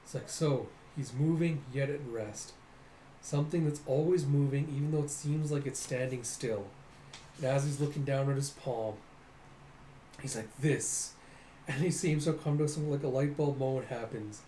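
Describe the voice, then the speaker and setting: A young man with a warm, mid-range voice casually narrates a comic readthrough at normal speed. He's loose and rambling, saying "he's like" a lot. The room is echoey, with faint noise.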